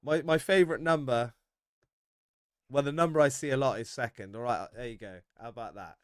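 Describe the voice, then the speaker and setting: A man's voice: medium pitch, brisk, no room sound. Chatty man, dry close mic. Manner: animated, banter-filled, laughs often. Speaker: football fan livestream host. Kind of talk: casual livestream chat, reading viewer comments.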